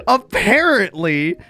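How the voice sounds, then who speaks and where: A man's voice: high-pitched, dry recording. A young man streaming, telling a casual story to his chat with lots of laughter and swearing. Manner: animated, laughs often, swears freely.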